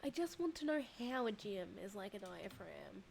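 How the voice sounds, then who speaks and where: A woman streaming a game and chatting casually, telling stories with lively laughter. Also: mid-range voice, normal speed, vocal fry, a little hiss or hum. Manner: animated storyteller, laughs while telling. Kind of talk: casual gaming chat.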